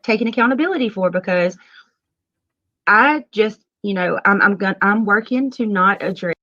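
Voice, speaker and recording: A woman's voice: mid-range voice, moderate pace, bright, forceful tone, no echo. A woman talking earnestly on a livestream, hesitant and self-justifying. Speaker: streamer in a played clip. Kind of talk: livestream talk. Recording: dry, dull lo-fi stream clip.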